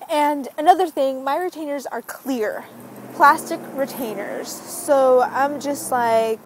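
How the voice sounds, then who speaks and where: A young woman telling a story in a casual vlog, chatty and animated, recorded outdoors on a street. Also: sits high, unhurried, a little hiss or hum. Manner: chatty, animated retelling with lots of "like". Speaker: vlogger.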